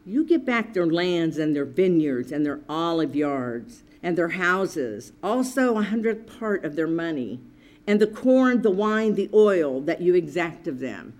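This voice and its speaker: A woman's voice: on the low side, sing-song, measured pace, a little mellow. A woman preaching a sermon, earnestly reading and explaining scripture to her listeners.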